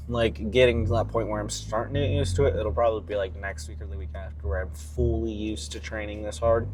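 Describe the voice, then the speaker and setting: With slight background noise, a man with a lowish voice talks casually in a fitness vlog. He rants, muses and rambles about his workouts, animated and cursing freely.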